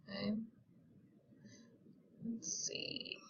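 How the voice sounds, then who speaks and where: A woman teacher reading a novel aloud and explaining it in a measured way. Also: medium pitch, little pitch movement, fairly bright tone, a little hiss or hum. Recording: roomy, dull lo-fi recording.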